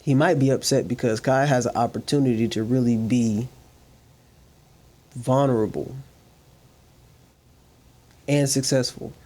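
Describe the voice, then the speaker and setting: A man hosting a reaction commentary video, talking earnestly and sometimes softly to his dog. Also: mid-range voice, fairly even intonation, measured pace, pauses often. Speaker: commentary channel host.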